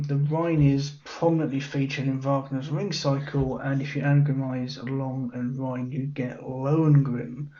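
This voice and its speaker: Muttering clues half to himself, a man thinks aloud while working through a cryptic crossword. His voice is mid-range and warm, captured on dull lo-fi audio.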